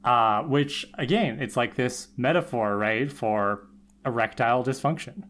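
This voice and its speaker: A man's voice: mid-range voice, a little slow. A man co-hosting a podcast, recapping a TV episode in casual chat, acting out the characters' lines and chuckling as he goes. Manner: animated retelling with quoted lines and chuckles. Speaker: podcast co-host.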